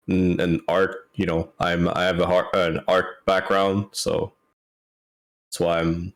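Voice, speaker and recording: A man with a very deep voice plays his character in a tabletop game, speaking slowly and haltingly. He leans on fillers and restarts as he thinks aloud. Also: level tone. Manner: halting, hesitant, many fillers. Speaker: player. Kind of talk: casual tabletop role-play.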